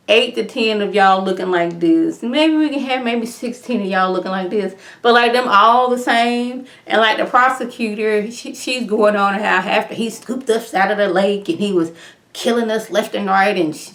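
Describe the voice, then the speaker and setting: A woman giving a casual, rambling spoken review of a TV episode from home, full of "like" fillers and incredulous asides. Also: roomy sound. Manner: chatty, rambling, with frequent "like" fillers; animated, with pitch jumps for incredulous reactions.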